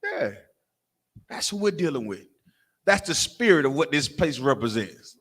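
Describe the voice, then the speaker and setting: Forceful, fiery preaching man. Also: a little high, normal speed. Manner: profane, rhetorical questions, call-and-response; animated, mimics crying and barking for laughs. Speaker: preacher of a religious camp. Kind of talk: fiery street-style sermon.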